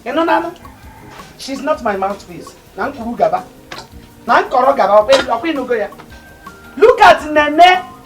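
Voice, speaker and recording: A high-voiced indignant Nigerian sister. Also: female voice, sing-song, normal speed, long pauses, music in the background, rough recording. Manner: indignant, accusing, complaining. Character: proud, quarrelsome married sister. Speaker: aggrieved elder sister. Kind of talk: Nollywood family drama acting.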